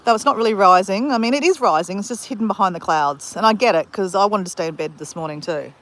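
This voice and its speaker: A woman's voice: mid-range voice, quick pace, fairly bright tone. A woman with an Australian accent hosts a casual live stream from a beach on her handheld phone, chatting with viewers by name and laughing often. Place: outdoors at a beach at sunrise.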